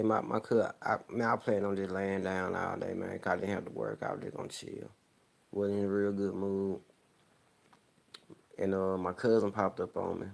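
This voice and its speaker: Low gravelly Southern country man. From American South. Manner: relaxed, rambling, laughs often, slurs words a little. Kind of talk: casual chat.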